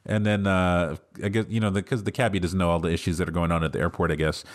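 A man's voice: deep voice, level tone, fast talker. A man hosting a casual film review podcast, laughing often as he retells scenes. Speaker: podcast host.

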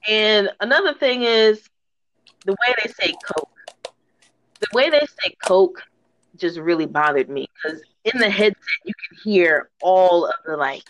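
A woman hosting a podcast, telling rant stories in a lively, slangy, laughing way. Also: fairly low pitch, slight background noise. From northern United States. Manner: animated, slangy, laughing storyteller. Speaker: podcast host. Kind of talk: casual storytelling rant. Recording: dull lo-fi recording.

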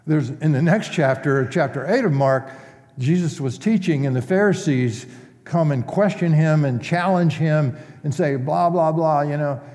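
A male pastor preaching in a relaxed, conversational way, asking his congregation questions as he teaches. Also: on the high side, normal speed. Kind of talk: sermon. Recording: long church reverb.

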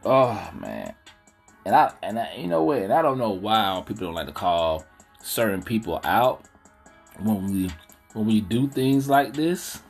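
A podcast host delivers a casual commentary monologue in African American Vernacular English, his lowish voice gravelly, slightly rough, and very animated though measured in pace. Blunt and indignant, he keeps asking "you know what I'm saying," with faint music behind him.

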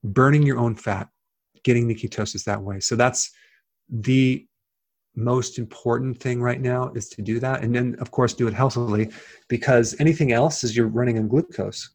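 A man's voice: mid-range voice, fairly even intonation, moderate pace, darkish tone. A man as an interview guest, explaining things plainly, with frequent fillers and restarts. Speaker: guest, health video creator. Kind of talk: casual interview talk.

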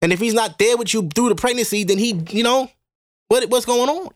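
A man's voice: extremely high pitch, a little fast, no echo, studio quality. A man hosting a casual solo podcast, talking bluntly and profanely to his listeners and laughing often. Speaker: podcast host.

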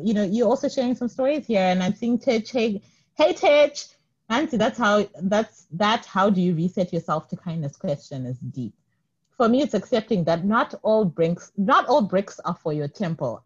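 A woman's voice: medium pitch, lively intonation, moderate pace, slightly rough, lo-fi sound. A young woman co-hosting a radio show, chatting casually, reading out listener messages and often breaking into giggles as she rambles. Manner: giggly, rambling, self-interrupting. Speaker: radio co-host.

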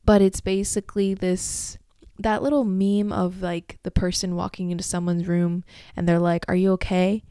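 A woman's voice: lowish voice, little pitch movement, moderate pace, dark tone, clear, resonant tone, no room sound, studio quality. A young woman in her twenties hosting a solo podcast, talking candidly and emotionally about a breakup and swearing freely. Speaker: podcast host.

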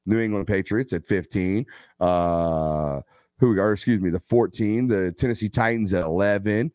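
A man in his thirties hosting a live football show, chatting casually and telling stories with loose slang and quick asides. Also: low-pitched, darkish tone, no echo. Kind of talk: casual live-stream chat.

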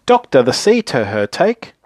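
Cheery back-to-front man voiced by a man, brisk, loud, storybook, dry. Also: medium pitch, very animated, no echo. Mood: cheerful.

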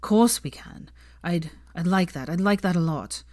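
A woman's voice: lowish voice, lively intonation, measured pace, a little mellow. Ron, as a woman reader voices him, choked-up young man. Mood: teary. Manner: choked up and sheepish. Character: young man, emotional, blustering, teary.

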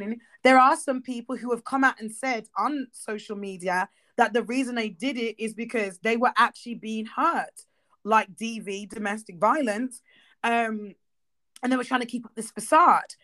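A woman co-hosting a casual chat, emphatic and blunt, swearing freely and getting animated as she makes her point. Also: fairly high pitch. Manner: animated, acts out quoted voices.

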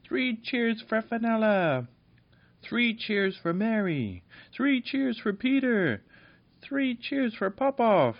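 A man voicing a crowd of little fairy folk shouting drawn-out cheers in a raised voice, on a dull lo-fi recording. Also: high voice, very animated, voice pushed up, exaggerated voice. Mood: cheering.

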